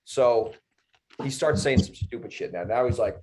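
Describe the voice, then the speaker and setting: A man's voice: mid-range voice, moderate pace, noisy background. Fired-up, cussing man telling a story. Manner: heated, profane, mimicking others. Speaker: podcast co-host. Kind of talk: casual storytelling.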